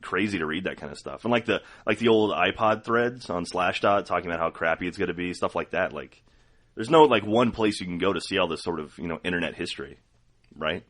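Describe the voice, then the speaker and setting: A man's voice: low-pitched, fairly quick, a bit bright. A man in a casual podcast chat who rambles with a lot of filler words. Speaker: podcast co-host.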